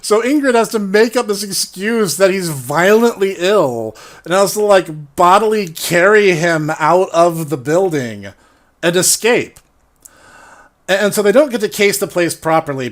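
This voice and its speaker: A man who ran a tabletop game casually retells how the session went, rambling, laughing and correcting himself. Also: fairly high pitch. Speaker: game master retelling a campaign. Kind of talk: casual storytelling.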